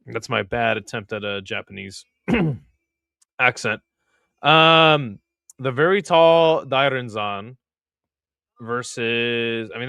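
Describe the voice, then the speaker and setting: A man's voice: medium pitch, pushed and bright, smooth, no echo, clean studio sound. A young man hosting a live stream, giving casual play-by-play in a laid-back, slangy way and chatting with viewers.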